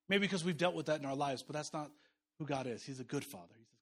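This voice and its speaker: A man in his thirties, a pastor preaching a sermon, swinging between loud emphatic declarations and soft, quiet storytelling. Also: on the high side, animated, quick pace.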